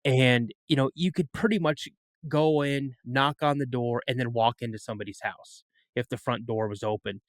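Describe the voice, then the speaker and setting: A man's voice: medium pitch, fairly even intonation, moderate pace, no echo. A middle-aged man telling a story as a podcast guest, rambling and often repeating and restarting his words. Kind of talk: storytelling in an interview.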